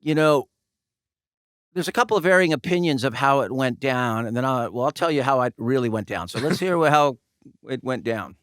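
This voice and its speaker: A man hosting a podcast tells road stories with energy, jumping in quickly. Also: medium pitch, expressive, fairly bright tone, clear, resonant tone, dry recording, studio quality. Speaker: podcast host. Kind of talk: casual podcast storytelling.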